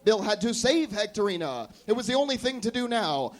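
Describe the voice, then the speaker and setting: A man, a performance artist, reading an absurd comic story aloud at a live café show in a deadpan storytelling manner. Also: sits high, brisk.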